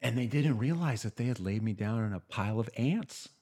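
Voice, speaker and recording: A man tells a personal story on a podcast in a casual, animated way, with a voice that swings widely up and down. He often trails off, restarts sentences, and slips into acting out other people's words. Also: medium pitch, a little fast. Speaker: podcast guest.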